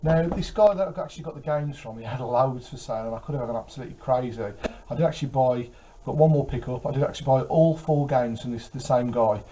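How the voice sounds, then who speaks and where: A man's voice: medium pitch, fast, noisy background. A tired man chatting casually about his game collection, rambling with many fillers. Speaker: retro game collector vlogger. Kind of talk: casual chat.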